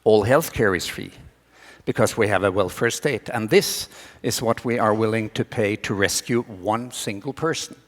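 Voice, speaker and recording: A man's voice: fairly low pitch, normal speed, long reverb tail. A middle-aged man from Norway with a Norwegian accent, giving a talk to students with slides, earnest and rousing with wry jokes.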